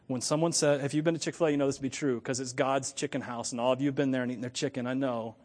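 A man preaching a sermon as pastor, animated, swinging from loud emphatic points to low, joking asides. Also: rapid-fire, big-room sound.

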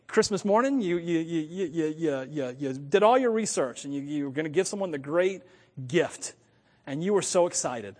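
An American man preaches with a high, lively voice, thinking out loud and often catching and correcting himself. His delivery is animated, and a long hall reverb trails every phrase. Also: fairly quick. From United States. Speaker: pastor. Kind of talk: sermon.

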